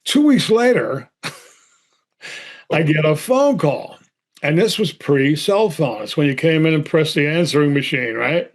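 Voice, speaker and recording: A man from Boston with a slightly raised pitch recounts a story for an interviewer. He slips into the voices of the people he quotes and stumbles over his words when worked up. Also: gravelly. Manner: animated, acts out both sides of phone calls, stammers when excited. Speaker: actor guest.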